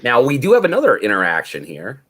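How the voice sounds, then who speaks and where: A man's voice: mid-range voice, huge pitch swings, fast, a bit bright, slightly rough. A man hosting a podcast, asking his co-host questions and reading out listener tips in casual chat.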